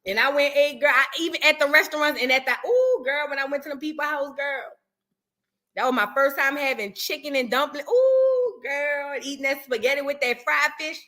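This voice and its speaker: A woman with a New Orleans accent hosts a casual reaction show. Her voice sits high and sounds bright and forceful. She talks in an animated, profane way and speaks straight to her viewers in chat. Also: moderate pace.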